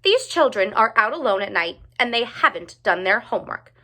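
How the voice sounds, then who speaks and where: A strict, no-nonsense schoolteacher, put on by a woman reading a storybook aloud, firm and commanding. Her voice is bright and lively, rising and falling as she scolds. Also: mid-range voice, moderate pace. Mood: scolding. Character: strict stern female schoolteacher, middle-aged.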